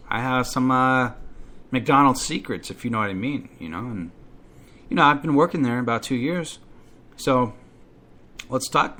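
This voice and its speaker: A man telling a comic story about himself in a profane, animated rant, acting out his own outbursts. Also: medium pitch. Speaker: podcast storyteller. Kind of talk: comedic first-person rant.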